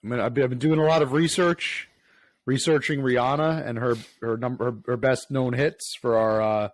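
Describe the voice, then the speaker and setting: A man's voice: medium pitch, steady tone, moderate pace, no room sound, poor audio. A man co-hosting a podcast in casual chat, playful and chuckling, often restarting his sentences. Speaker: podcast co-host.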